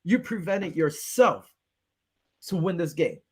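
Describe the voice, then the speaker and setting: A man's voice: on the high side, slow pace, husky. Fired-up man ranting about football. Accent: Western New York. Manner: animated, retells with quoted back-and-forth, frustrated ranting. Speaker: sports show host. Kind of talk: casual sports talk.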